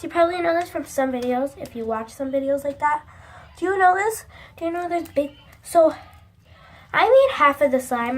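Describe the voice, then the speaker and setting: Young woman vlogger, high voice, rambling casual chat on a phone. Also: a little hiss or hum. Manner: chatty, many likes and restarts; excitable, shrieks when upset. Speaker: slime collection vlogger. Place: bathroom at home. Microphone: phone held by speaker. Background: faint YouTube video in another room.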